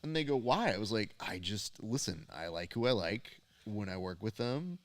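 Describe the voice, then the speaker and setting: A man with a low-set voice chatting easily as a show host. He talks at length, laughs often and slips into voices when he quotes people. The tone is relaxed and conversational. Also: a little fast, no echo. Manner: talkative, laughs often, acts out quoted dialogue. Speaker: podcast host and jiu-jitsu coach. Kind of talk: casual chat.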